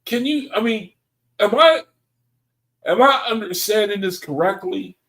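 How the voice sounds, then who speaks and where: A man leading a Bible study group, reading scripture aloud and commenting on it in an excitable way, often laughing and calling the group brethren. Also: high voice, poor audio.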